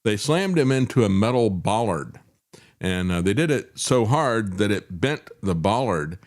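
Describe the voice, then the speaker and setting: A man's voice: fairly low pitch, big pitch swings, measured pace, darkish tone. A male talk show host giving indignant, sarcastic commentary, with frequent fillers.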